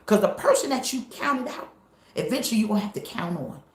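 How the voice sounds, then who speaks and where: A woman pastor preaching a live-streamed sermon, emphatic and repetitive, sometimes breaking into shouts. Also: on the high side, animated, fairly quick, roomy sound.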